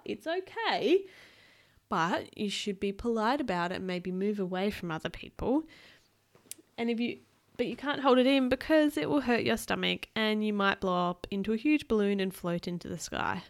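A woman, a parent, reading a picture book aloud to her child in a playful, animated way and describing the pictures. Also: mid-range voice, normal speed.

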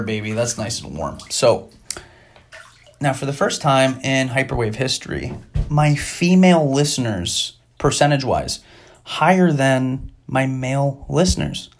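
A man's voice: mid-range voice, gravelly, slight background noise. Man ranting profanely as a comic. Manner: ironic, mock-sincere. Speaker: podcast host. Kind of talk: comedic rant. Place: in a bathtub.

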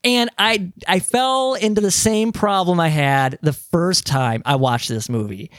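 A man hosting a casual movie discussion podcast, animated and steering the talk back on track, swearing now and then. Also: sits high, a little slow, dry recording, clean studio sound. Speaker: podcast host.

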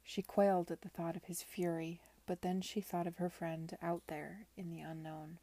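A woman reads a novel aloud, softly and often close to a whisper. Her voice is low and gravelly with a husky, mellow grain. The recording is close and dry. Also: level tone, moderate pace, dry recording. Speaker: reader.

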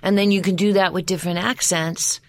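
A middle-aged woman with a slightly low-pitched voice talks shop as a voice coach in a relaxed podcast interview. She sounds eager and expressive as she explains her ideas. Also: fairly quick. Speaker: voice coach and voice actress.

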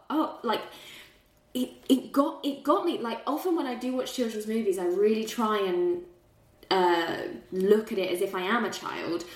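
A young adult woman in casual film chat, telling the story with big emotional swings and laughs. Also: medium pitch. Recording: roomy echo.

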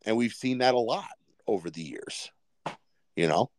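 A man's voice: fairly low pitch, animated, moderate pace, slight background noise. A man co-hosting a casual sports podcast, rambling with many fillers and restarts. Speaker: podcast co-host.

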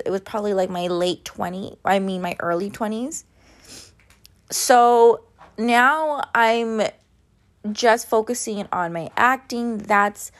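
A woman in her mid-thirties chatting casually to her viewers at home, ranting and swearing freely. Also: medium pitch. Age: 30s. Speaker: vlogger. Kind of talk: casual chat to camera. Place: at home, kitchen sounds.

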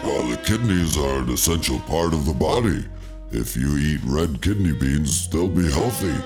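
A man's voice: extremely low pitch, lively intonation, moderate pace, pitched below the performer's own voice. A man playing a forgetful, rambling old male doctor in a spoof TV drama skit, with music underneath. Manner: doddering, wanders off topic.

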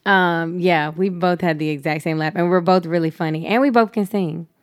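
A young woman chats playfully on a podcast. Her voice is smooth and sits a little low, and the recording is dry and close. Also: fairly even intonation, normal speed, no room sound. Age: young adult. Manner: playful, laughs a lot. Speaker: podcast co-host. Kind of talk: casual chat.

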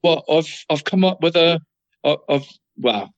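A man's voice: fairly high pitch, unhurried, no echo, highs cut off. A man co-hosting a football podcast in casual chat, who keeps adding "mate" and often stumbles over his words.

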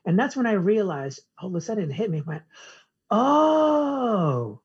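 A man's voice: sits high, lively intonation, fast talker, a little mellow, slightly rough, highs cut off. A man as a podcast guest, telling a personal story and acting out both sides of the conversation. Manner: acts out conversations in quoted dialogue. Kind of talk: casual storytelling interview.

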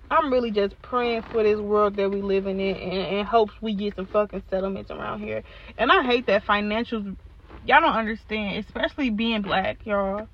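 A woman's voice: medium pitch, normal speed, dull audio. A young woman hosting a solo podcast, venting in a blunt, profane, exasperated way, laughing now and then. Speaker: podcast host.

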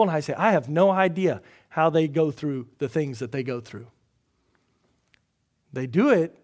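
A man preaching a sermon who swings between loud, emphatic lines and soft, hushed drops, acting out his listeners' objections in a raised voice. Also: a little high. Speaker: pastor.

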